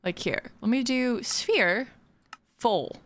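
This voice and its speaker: A woman's voice: on the high side, takes it slowly. A woman streaming a video game, chatting casually with her viewers and often giggling. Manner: chatty, giggly, talks to chat. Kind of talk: casual livestream chat while playing.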